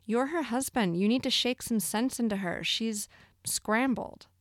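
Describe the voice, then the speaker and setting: A woman's voice: on the high side, unhurried, no echo, clean studio sound, close to an everyday voice. A woman voicing a scornful, meddling older mother-in-law who talks bluntly and dismissively, in a storybook reading.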